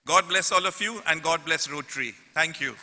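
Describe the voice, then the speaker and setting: A man giving a formal prepared welcome speech at a conference, measured and addressing the audience. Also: a little high, background noise. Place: large convention hall. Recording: long reverb from a large hall.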